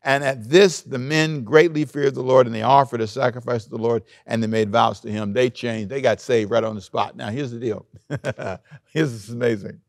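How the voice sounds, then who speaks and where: A male pastor preaching a sermon, animated, acting out the scripture story with big swings in loudness. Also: mid-range voice, moderate pace, no room sound, clean studio sound.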